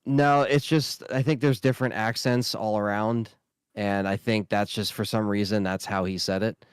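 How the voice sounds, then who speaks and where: A man's voice: lowish voice, steady tone, moderate pace, smooth, no room sound, clean studio sound. A man co-hosting a casual gaming podcast, easygoing and hesitant, often restarting his sentences. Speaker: podcast co-host.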